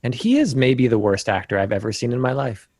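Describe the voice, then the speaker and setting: A man with a mid-pitched voice co-hosts a casual film podcast. He speaks wryly and slips into mock impressions. The recording is dry and close. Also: big pitch swings, a little fast, darkish tone, dry recording. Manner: wry, does mock impressions of actors. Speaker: podcast co-host.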